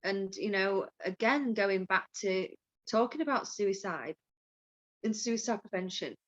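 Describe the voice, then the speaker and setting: A candid woman speaks openly as a coach, peppering her talk with swearing and quick laughs. Her voice sits at a middling pitch. The audio is dull and lo-fi, like a call recording. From Yorkshire, England. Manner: open, frank, swears freely, laughs often. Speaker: mindfulness coach and guest. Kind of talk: candid conversational chat.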